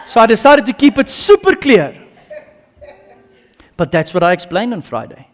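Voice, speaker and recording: High-voiced preacher with an Afrikaans accent. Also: male voice, sing-song, normal speed. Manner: dramatic swings between loud bursts and hushed lines. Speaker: pastor. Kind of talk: sermon. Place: church service.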